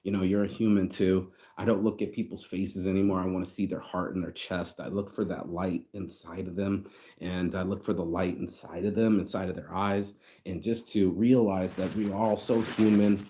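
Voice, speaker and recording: A man's voice: deep voice, level tone, normal speed, warm tone. A man vlogging in a rambling, profane, heartfelt monologue, close to tears. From United States. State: tearing up. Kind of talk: casual reflective monologue.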